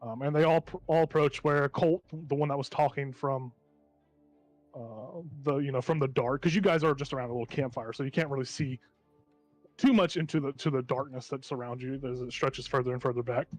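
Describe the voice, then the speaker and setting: A man's voice: mid-range voice, fairly quick, faint music behind. A man narrating as game master of a tabletop game, describing the scene in a loose, rambling way full of restarts.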